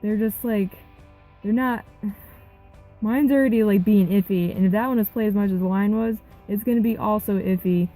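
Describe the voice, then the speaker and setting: Young female gaming vlogger, animated rambling storyteller, soft mellow voice. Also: medium pitch, normal speed, faint music behind, low-quality recording. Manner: rambling, animated retelling with quoted dialogue. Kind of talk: casual storytelling vlog.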